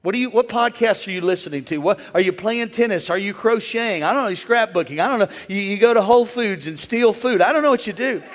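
A man who is a pastor, preaching a lively sermon and calling out to the congregation to join in. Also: high-pitched, fast talker, hardly any pauses. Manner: energetic, playful call-and-response with the crowd. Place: large church. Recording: long church hall reverb.

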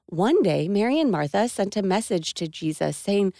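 A woman co-hosting a kids' faith show, bright and encouraging in cheerful scripted chat. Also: mid-range voice, animated, normal speed, gravelly, no room sound, clean studio sound.

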